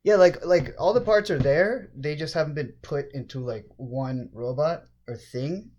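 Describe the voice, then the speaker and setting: A male podcast co-host chats casually, excitable and eager. He stammers and repeats himself, filling gaps with small fillers. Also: a little high, a little slow, lo-fi sound.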